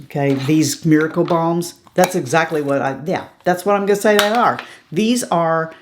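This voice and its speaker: Middle-aged woman, low voice, casual product review, frank and chatty. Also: lively intonation, normal speed, few pauses, slight background noise. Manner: chatty, frank, laughs often, asks okay?. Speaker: beauty vlogger.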